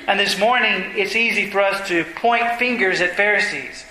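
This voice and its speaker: A man, a pastor, preaching a sermon to his congregation, earnest and slowing down low for emphasis. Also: steady tone, pushed and bright, a little hiss or hum. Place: church sanctuary. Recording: echoey church room, faint ambience.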